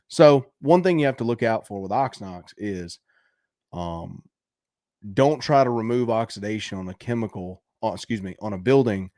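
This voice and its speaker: A man's voice: mid-range voice, darkish tone, dry recording, studio quality. A man hosting a casual livestream, reacting to viewer videos in a brash, coaching way, swearing casually and laughing often.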